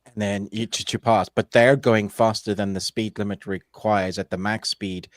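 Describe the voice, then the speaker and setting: A man with a fairly low voice chats about his day and movies as a podcast co-host. He is playful and laughs easily. The sound is dry and close to the mic. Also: steady tone, normal speed, dry recording. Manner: chatty, laughs often, playful. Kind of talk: casual chat.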